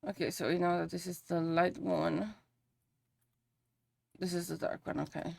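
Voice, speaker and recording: A woman's voice: on the low side, level tone, moderate pace, creaky, darkish tone. A woman streamer chatting casually while she draws on a live stream, swearing freely and singing along to songs now and then.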